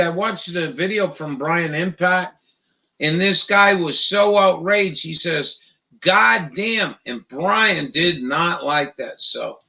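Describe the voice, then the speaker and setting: Gravelly, slow-talking man hosting a stream. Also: on the high side, sharp tone, low-quality recording. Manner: profane and halting, with many fillers and restarts. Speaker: live-stream host. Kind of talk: casual rambling chat.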